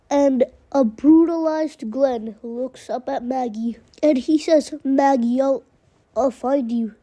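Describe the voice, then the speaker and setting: A woman's voice: high-pitched, dark tone. A woman narrating a fan retelling in a plain, run-on casual way, chaining events with "and then". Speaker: storyteller.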